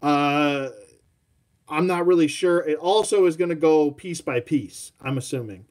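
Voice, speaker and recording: A man's voice: a little high, unhurried, darkish tone. A man hosting a live toy showcase, chatting casually in a rambling, self-mocking way and talking to his dog. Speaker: toy collector host.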